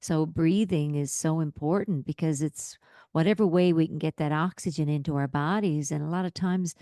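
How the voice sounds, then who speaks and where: A woman in her fifties co-hosting a casual podcast, chatty and lively as she tells stories. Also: sits low, normal speed, no room sound, studio quality. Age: 50s. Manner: chatty, warm storyteller, acts out quotes. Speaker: podcast co-host.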